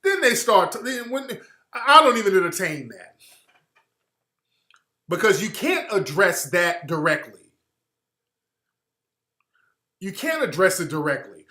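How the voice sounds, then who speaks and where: Emphatic, bright-voiced man livestreaming. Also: high-pitched, big pitch swings, a little slow, long pauses, roomy sound. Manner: emphatic, rhetorical, profane. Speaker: livestream host. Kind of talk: livestream monologue.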